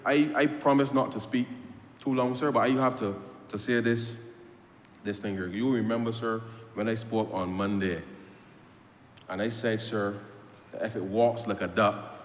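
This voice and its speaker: A man's voice: on the low side, steady tone, moderate pace, pauses often, a little hiss or hum. A man with a Barbadian accent giving a speech in parliament, emphatic and repetitive, addressing the Speaker as "sir" nearly every phrase. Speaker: member of parliament. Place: legislative chamber. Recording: echoey chamber with long reverb.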